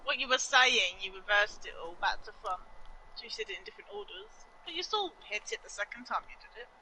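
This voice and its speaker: A man's voice: very high voice, very animated, fast talker, bright, forceful tone, a little hiss or hum, low-quality recording. A man joining a live stream, teasing the host and giggling through casual chat. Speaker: co-streamer guest.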